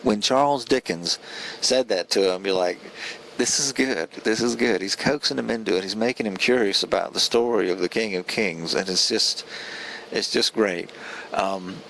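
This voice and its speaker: A man's voice: sits low, moderate pace, a bit bright, slight background noise, rough recording. A man giving a casual spoken film review, earnest and rambling, often stumbling and restarting his sentences.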